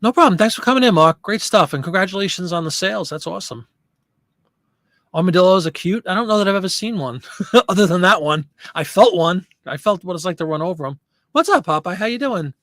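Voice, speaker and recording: A man's voice: sits high, expressive, fairly quick, a bit bright, no echo, clean studio sound. A man hosting a casual live stream, chatting loosely and answering viewer comments as he rambles. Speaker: host.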